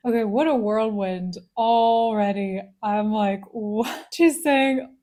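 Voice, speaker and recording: Woman therapist reacting to songs, bright raised voice, enthusiastic, reflective. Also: fairly high pitch, slow. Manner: enthusiastic, gushing, laughs often; reflective, thinks aloud. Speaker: therapist and reaction video host. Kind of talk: music reaction commentary.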